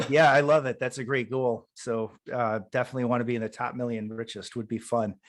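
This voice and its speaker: Man, mid-range voice, eager interviewer, warm encouragement, quick to laugh. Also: medium pitch, fairly even intonation. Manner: enthusiastic, encouraging, laughs often. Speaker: podcast host, interviewer. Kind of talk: casual interview.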